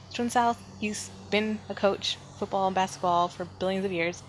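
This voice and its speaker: A woman hosting a podcast, telling a personal story in an animated, emphatic way, with frequent sighs and fillers. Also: mid-range voice, normal speed, slight background noise. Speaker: podcast host.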